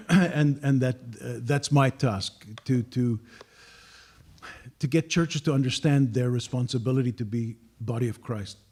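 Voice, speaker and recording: Dark husky-voiced man. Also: mid-range voice. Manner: measured, clears throat often. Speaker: guest. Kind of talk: casual panel discussion.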